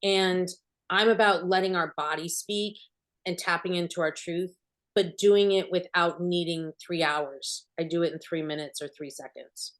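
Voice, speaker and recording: A middle-aged woman acting coach answering panel questions, an animated storyteller who acts out bits of dialogue. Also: fairly low pitch, normal speed.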